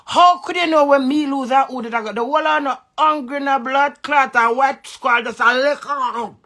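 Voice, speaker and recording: A Jamaican woman in an angry, profane social media rant, veering between loud outbursts and low muttering. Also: normal speed. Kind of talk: ranting social media live video.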